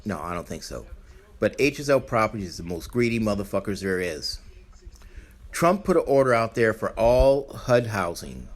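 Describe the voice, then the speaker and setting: A man's voice: lowish voice, sing-song, moderate pace. A man hosting a podcast, delivering an angry, profane, blunt rant. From Arizona, US. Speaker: podcast host. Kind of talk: ranting monologue.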